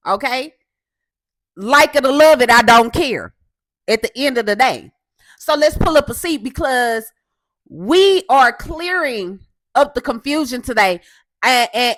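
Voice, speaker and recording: Woman host, coarse and assertive, talks loud in a dry booth. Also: a little high, no room sound. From Houston, Texas. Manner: loud, assertive, keeps asking "okay?". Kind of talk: casual commentary monologue.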